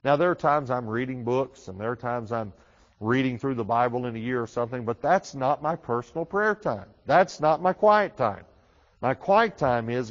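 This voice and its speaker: A male pastor delivers a sermon in a conversational way, stumbling and repeating words as he builds his points. He pushes key phrases out loud and slow, then drops to quick, hushed asides. The recording is muffled, with a long reverb from a large hall. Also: mid-range voice.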